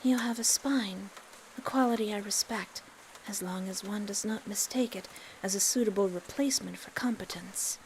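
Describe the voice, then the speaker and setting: A woman voicing a poised, coolly detached female witch with a put-on French accent and smooth, formal speech. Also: mid-range voice, moderate pace, darkish tone, a little hiss or hum, close to an everyday voice. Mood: cool, composed. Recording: background music under the voice.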